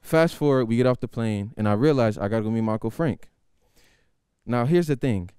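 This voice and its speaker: Young male comedian telling animated stories. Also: mid-range voice, brisk, clean tone, no room sound. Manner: animated, conversational. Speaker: stand-up comedian. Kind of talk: stand-up storytelling. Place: university TV studio.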